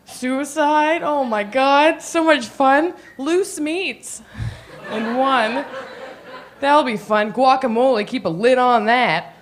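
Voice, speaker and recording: A young woman doing a stand-up set, bubbly and giggly, acting out little voices as she goes. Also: high voice. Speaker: stand-up comedian. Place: comedy stage, live audience.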